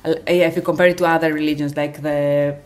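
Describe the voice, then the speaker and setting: A woman's voice: low voice, little pitch movement, fast. A woman guest, a psychologist, chatting casually and searching for words. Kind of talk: casual chat.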